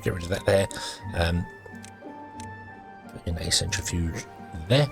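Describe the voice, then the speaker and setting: A man's voice: sits low, a little slow, creaky, music in the background. A man giving rambling, casual commentary while playing a game, full of ums and uhs and self-corrections. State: has the hiccups. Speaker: gaming video host.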